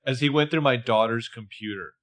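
A man's voice: mid-range voice, a little fast, a bit bright. A man co-hosting a podcast, giving dry, sarcastic commentary in casual chat. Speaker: podcast co-host.

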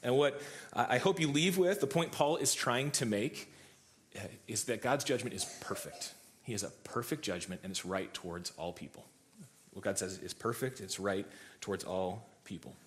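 A man's voice: fairly low pitch, moderate pace. A man in his thirties, a pastor giving a sermon, telling a story in a loose, conversational way with many fillers and restarts.

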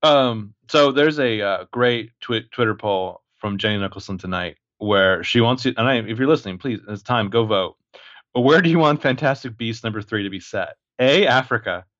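A man's voice: fairly low pitch, normal speed, fairly bright tone, dry recording, muffled recording. A man co-hosting a podcast, sarcastic and profane while mocking a film. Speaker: podcast co-host. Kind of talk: casual film review chat.

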